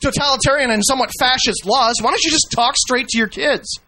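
A high, bright-voiced man hosts a radio talk show with brash, profane sarcasm. He cuts in on his guest and jeers at him. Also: fairly quick, a little hiss or hum. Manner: profane, mocking, talks over the guest. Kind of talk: combative radio interview.

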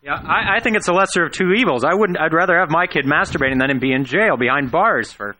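Bright-voiced wry radio co-host, a man. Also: a little high, animated, quick pace, a little hiss or hum. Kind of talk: radio interview banter.

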